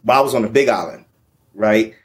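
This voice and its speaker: A man's voice: fairly low pitch, fairly quick. A man telling a long personal story in casual, profane podcast chat. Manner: profane, animated storyteller, repeats "you know what I'm saying". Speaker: podcast guest.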